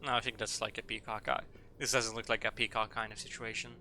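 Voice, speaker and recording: A man's voice: lowish voice, little pitch movement, fast, bright, forceful tone, faint music behind. A man streaming a game, rambling and joking with casual swearing. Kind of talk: casual gameplay commentary.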